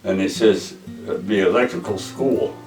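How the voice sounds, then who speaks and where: A man's voice: sits low, normal speed, darkish tone, echoey room, far from the mic, faint music behind, rough recording. An older man, a veteran, telling his army story in a plainspoken way, often repeating "he says" as he retells conversations. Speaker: veteran interviewee. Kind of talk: oral history storytelling.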